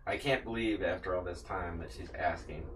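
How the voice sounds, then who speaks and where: A man with a lowish voice co-hosts a casual livestream, reading viewer comments and cracking jokes. He sits some way back from the microphone. Faint noise hums underneath. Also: fairly quick, a bit bright. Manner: joking, reads viewer comments aloud. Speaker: livestream co-host reading chat. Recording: distant from the mic with faint noise.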